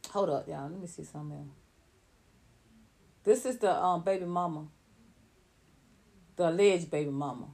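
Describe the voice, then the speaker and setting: A woman giving blunt, animated celebrity gossip commentary on her own channel. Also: lowish voice. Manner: animated, blunt, rising to heated outbursts. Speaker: commentary vlogger.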